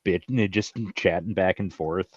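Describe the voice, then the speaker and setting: A man in a casual chat, calmly recalling army days with old friends. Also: deep voice, moderate pace, slightly rough, no room sound. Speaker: guest, army buddy. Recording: dry, lo-fi sound.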